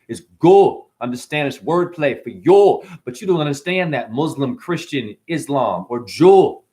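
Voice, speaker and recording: A man delivers freestyle spoken-word rhymes, chaining puns in a restless stream-of-consciousness flow. His delivery lurches from low, quiet mutters to abrupt high-pitched bursts, his voice sitting at an ordinary male pitch in between.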